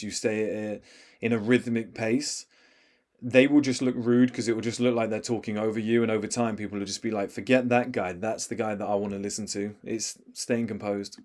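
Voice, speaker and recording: A man's voice: mid-range voice, a little mellow. A man commenting on video clips as a body language coach, talking emphatically and acting out examples to his viewers.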